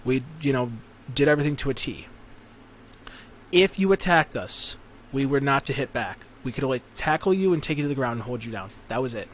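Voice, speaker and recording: A man's voice: medium pitch, lively intonation, brisk, slight background noise. A man hosting a casual podcast, telling a crude, rambling, profanity-heavy story. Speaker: podcast host.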